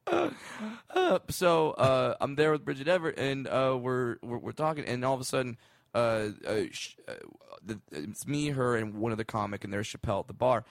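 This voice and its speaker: A man's voice: medium pitch, moderate pace, gravelly, no echo. A man who is a comedian, telling stories in casual podcast chat with many restarts and laughs. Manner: storytelling, stammering restarts, frequent laughs.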